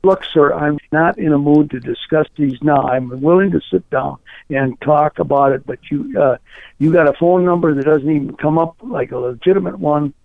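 A man's voice: fairly high pitch, normal speed, gravelly, no room sound. A man on a phone call, flustered and defensive. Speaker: prank call target. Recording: dry tinny phone line.

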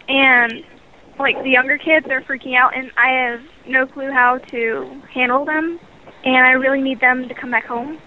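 A woman's voice: high voice, narrow, tinny audio, a little hiss or hum, lightly acted. A woman voicing a worried daughter who hesitantly pleads for her parents to come home. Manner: hesitant, filler-heavy pleading.

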